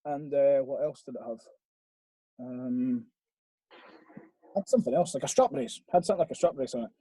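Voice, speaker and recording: A man's voice: medium pitch, moderate pace, mellow, breathy edge, no echo, low-quality recording. Laid-back, sweary Scottish man. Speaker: podcast guest. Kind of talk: casual storytelling chat. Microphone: video call.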